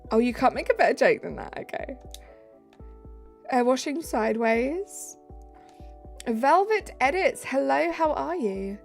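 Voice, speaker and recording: British woman streamer, casual chatter, gravelly fry, soft music underneath. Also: sits high. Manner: chatty, reads out viewer comments. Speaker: live streamer. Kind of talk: casual live-stream chat. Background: faint background music.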